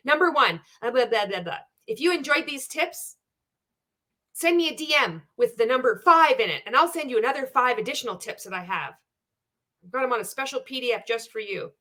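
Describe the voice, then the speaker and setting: A woman mimicking a perky saleswoman delivering a stiff, scripted sales pitch in a chirpy, overly polished way. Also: animated, fairly quick, pushed and bright. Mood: chirpy salesy.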